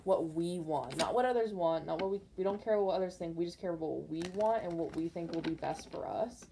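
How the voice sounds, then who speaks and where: Mellow-voiced woman giving a tarot reading. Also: on the low side, fairly quick, creaky, slight background noise. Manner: rambling, filler-heavy, speaks intuitively to viewers. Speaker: tarot card reader. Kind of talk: casual pick-a-card tarot reading to camera.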